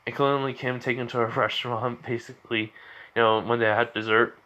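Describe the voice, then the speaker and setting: A man's voice: mid-range voice, level tone, brisk, sharp tone, lo-fi sound. Rambling man retelling a fan story. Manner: rambling with constant fillers.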